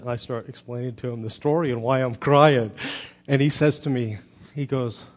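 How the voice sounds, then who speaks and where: A man in his thirties preaching a sermon as pastor, telling stories earnestly with frequent restarts. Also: mid-range voice.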